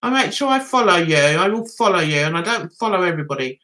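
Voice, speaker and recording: A woman's voice: lowish voice, animated, quick pace, fairly bright tone. A middle-aged British woman hosting a casual live-stream chat, reading out viewers' comments and laughing at herself. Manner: giggly, chatty, often laughs at herself.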